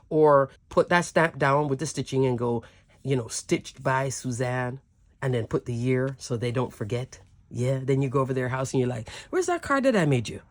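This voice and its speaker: A woman hosting a papercraft channel, chatting casually and gushing with giggles as she shows off her handmade cards. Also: on the low side. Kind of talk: casual show-and-tell craft chat.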